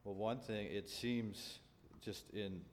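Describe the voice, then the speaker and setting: A man with a very low voice preaches to a congregation in a large room. His delivery is earnest and measured, with pauses and restarts as he works through scripture. The sound carries a long reverb tail over faint background noise. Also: steady tone. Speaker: pastor. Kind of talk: sermon with scripture reading.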